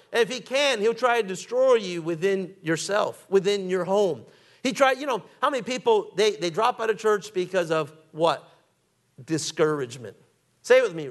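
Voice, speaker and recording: A high-pitched male pastor delivering a sermon. He hammers his points with repetition, calls on the congregation to answer, and reads scripture aloud in old-fashioned phrasing. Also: gravelly, fairly bright tone.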